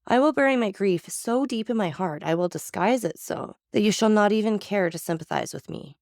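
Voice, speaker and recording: A woman's voice: medium pitch, lively intonation, fairly quick, a little mellow, dry recording, clean studio sound, natural voice. Woman reading as a grief-stricken young man. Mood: pleading. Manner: anguished, pleading.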